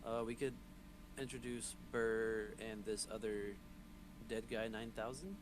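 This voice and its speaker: A man acting as game master, chatting casually over a voice call and pitching a short session, hesitant and full of fillers. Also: steady tone, unhurried. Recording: noisy voice chat line.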